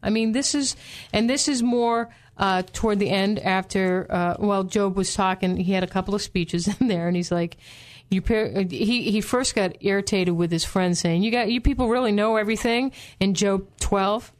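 A woman co-hosting a casual Bible study discussion, talking in an animated way and acting out quotes. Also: normal speed, few pauses. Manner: animated, acts out quotes with pitch jumps, laughs often.

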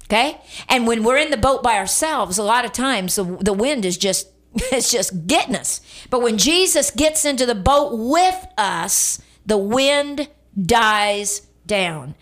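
A woman's voice: a little high, lively intonation, measured pace, fairly bright tone. A middle-aged woman preaching a radio sermon, telling a story and repeating lines for emphasis, calling on listeners to respond.

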